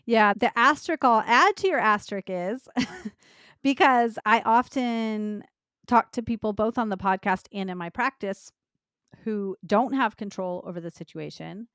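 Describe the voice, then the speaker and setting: Woman, podcast host, earnest, empathetic, smooth clear voice, dry close sound. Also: mid-range voice, unhurried, a bit bright, dry recording. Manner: earnest, empathetic, acts out quoted clients. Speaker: podcast host, lactation consultant. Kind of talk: podcast conversation.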